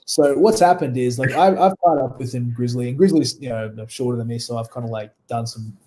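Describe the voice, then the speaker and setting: A man's voice: mid-range voice, a little fast, mellow. A man with an Australian accent, a wrestler telling stories in a casual interview, rambling, laughing often and swearing freely. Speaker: guest wrestler.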